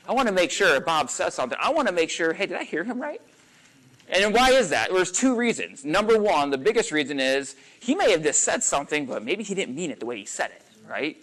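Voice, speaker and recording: A man leads a casual coaching session for a small group in a meeting room. His voice sits slightly high and moves in lively swings. He chats loosely, full of fillers, and slips into little acted-out lines. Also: poor audio. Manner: animated and conversational, acts out sample lines, frequent fillers. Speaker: coach teaching a workshop on listening. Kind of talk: casual live teaching talk.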